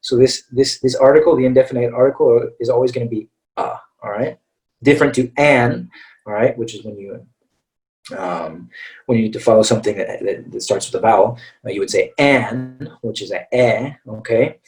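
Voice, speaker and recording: A man's voice: medium pitch, fast, dark tone, far from the mic, low-quality recording. An American man teaching English in a live webinar, talking in a chatty way and often checking in with "all right" and "okay".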